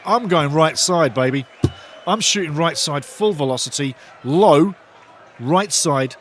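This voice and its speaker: A man hosting a live football watch-along, giving partisan, excitable commentary and chatting to his viewers. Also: on the high side, a little hiss or hum.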